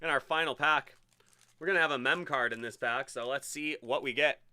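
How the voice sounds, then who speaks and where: Guy running a card break stream, bright smooth voice, kinda high, all hyped up on every pull. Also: fairly quick. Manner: excited, chatty, hyping each card.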